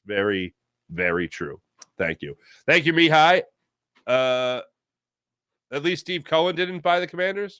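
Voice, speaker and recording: A man's voice: mid-range voice, fairly bright tone, smooth, no echo, clean studio sound. A man hosting a sports talk show, chatting casually and reading out viewers' live chat comments while greeting them by name.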